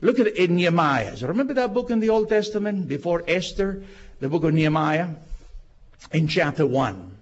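A man preaching a sermon in a husky voice that is high for a man. His delivery is emphatic and full of rhetorical questions and repeated phrases. The recording is dull and muffled, with little top end. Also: animated, a little fast. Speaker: pastor.

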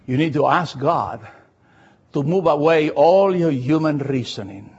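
A man with a Latin American Spanish accent preaching a sermon, impassioned and repeating phrases, swinging from loud cries to low asides. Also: expressive, measured pace, husky, lo-fi sound.

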